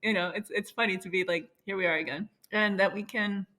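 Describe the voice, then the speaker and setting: A woman's voice: medium pitch, fairly even intonation, a little fast, pushed and bright. A woman in her forties talking in a casual interview, chatty and laughing often as she acts out little quotes. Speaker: guest, founder.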